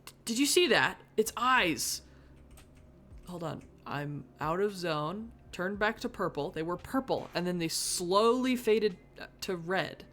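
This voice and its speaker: Woman, live game streamer, unhurried, muttering to herself, wry asides, desk mic at home. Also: on the low side, expressive, fairly bright tone, a little hiss or hum. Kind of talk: casual live gameplay commentary. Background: faint background music.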